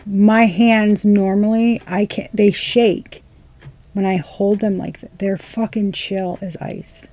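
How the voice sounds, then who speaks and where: A woman's voice: medium pitch, fairly even intonation, takes it slowly, mellow. A young woman giving a casual tarot reading, rambling and swearing in amazed disbelief. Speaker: tarot reader.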